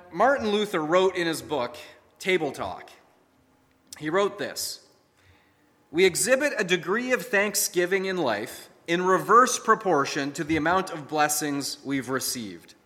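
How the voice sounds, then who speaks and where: A pastor delivers a sermon in a church sanctuary, his voice a touch higher than most men's and sharply bright. He tells stories with animation and acts out the quoted lines. A long reverb trails behind each phrase. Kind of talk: sermon with storytelling.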